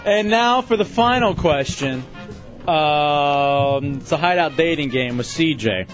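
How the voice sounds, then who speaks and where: A man's voice: on the high side, animated, slow. A man hosting a radio dating game, joking and chuckling through the banter. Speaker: radio show host. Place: radio studio. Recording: slightly dull radio broadcast with music.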